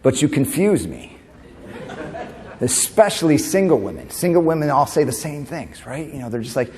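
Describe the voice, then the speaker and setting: A man from New York doing a stand-up comedy keynote at a conference, animated, tossing in quick asides and laughing at his own jokes. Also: a little high. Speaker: comedian and motivational speaker. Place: conference hall stage. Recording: long hall reverb.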